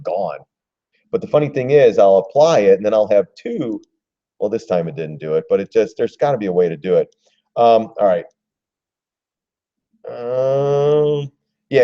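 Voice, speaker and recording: A man's voice: on the low side, mellow, muffled recording. Laid-back man talking stock charts. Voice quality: rambling, chuckling, talks to viewers by name. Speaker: stock trading live stream host. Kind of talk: casual live chart commentary.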